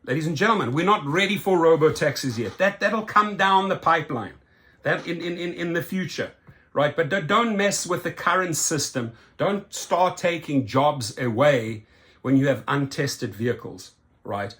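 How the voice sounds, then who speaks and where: A man's voice: on the high side, normal speed, fairly bright tone. A man from South Africa hosting a rideshare channel, giving emphatic opinion commentary and often tagging his points with "right?".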